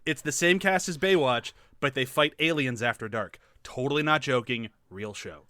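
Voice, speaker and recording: A man co-hosting a podcast in casual chat, animated and quick to laugh, jumping between tangents. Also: medium pitch, dry recording. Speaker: podcast co-host.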